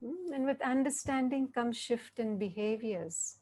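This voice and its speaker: A woman giving a reflective interactive talk, speaking gently and often checking in with her listeners. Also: on the high side. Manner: slow, gentle, checks in with "yeah?".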